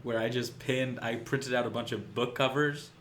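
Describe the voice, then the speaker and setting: A man co-hosts a podcast in casual chat, rambling, joking and mocking himself with a grin. His medium-pitched, fairly bright voice has fairly even intonation and a moderate pace, with a little hiss or hum.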